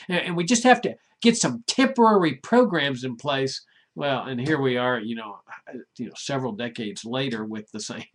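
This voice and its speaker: A man's voice: a little high, a bit bright. A man hosting his weekly internet commentary show, chatty and digressive, laughing often and scoffing at what he talks about. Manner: scoffing, many "you know" fillers. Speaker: host.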